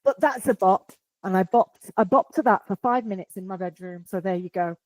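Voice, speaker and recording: A woman's voice: mid-range voice, brisk, a little mellow, dry recording, rough recording. A woman co-hosting a podcast in casual chat, chatty and self-mocking, laughing often. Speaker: podcast co-host.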